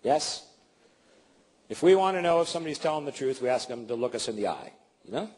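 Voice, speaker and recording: Brisk and husky at a medium pitch, this middle-aged man runs a live seminar on presentation skills. He is animated and playful, acting out examples for his listeners.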